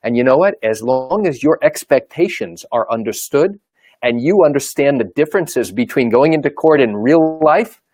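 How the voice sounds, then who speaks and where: A man's voice: mid-range voice, lively intonation, moderate pace, a little mellow, dry recording. Man, lawyer, live video talk, emphatic, rhetorical questions, dry sound.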